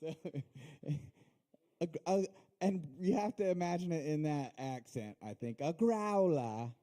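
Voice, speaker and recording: A man's voice: a little high, lively intonation, a little slow, warm tone. A man performing a playful, giggly comedy bit at a bar open mic.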